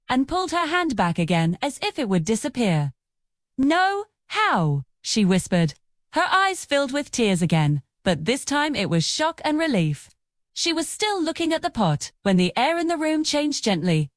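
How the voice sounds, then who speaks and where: A woman narrates a folktale in a dramatic, vivid style. Her voice sits a little high and moves lively up and down. The recording is dry and close. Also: moderate pace, dry recording. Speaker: storyteller.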